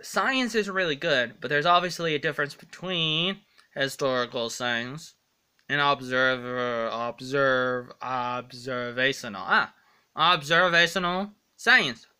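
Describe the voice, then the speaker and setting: A man's voice: medium pitch, a little slow, sharp tone, clear, resonant tone. A man rambling through a casual vlog monologue, earnest and often stumbling over his words. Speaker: vlogger.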